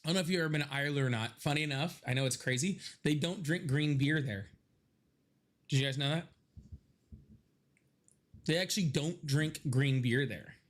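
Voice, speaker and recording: A man with a fairly high voice talks loosely to a live audience, wandering from one story to the next and breaking into laughter. His voice sounds a little stuffy from allergies. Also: normal speed, pauses often. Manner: rambling, joking, laughs often. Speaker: live stream host. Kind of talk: casual chat to a live audience.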